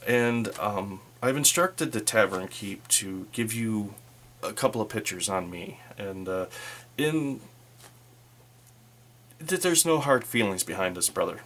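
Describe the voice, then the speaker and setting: A man voicing a polite adult male townsman who speaks courteously and flatters the heroes. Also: fairly low pitch, a little slow, slight background noise.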